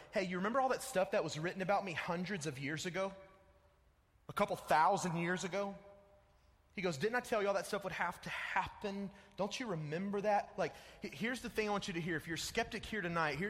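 A man's voice: sits high, fairly bright tone. A young man preaching a sermon in a casual, slangy way, calling listeners dude and bro. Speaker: pastor. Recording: echoey hall with long reverb.

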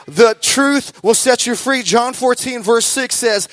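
A man preaching a sermon, emphatic and repetitive, building to loud calls and acting out the voices of people in his stories. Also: very high voice, unhurried, dry recording. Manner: acts out quoted voices in the telling.

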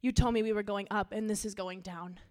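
A woman's voice: medium pitch, steady tone, brisk, darkish tone, long reverb tail, lightly acted. A woman voicing a frightened, stubborn young pilgrim woman. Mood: upset. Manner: protesting, pleading.

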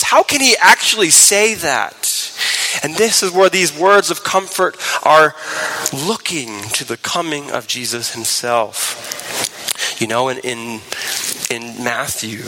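Delivering a sermon, a male pastor alternates forceful, lifted lines with gentle, hushed, tender stretches, drawing out key words. The audio is poor, with a little hiss or hum.

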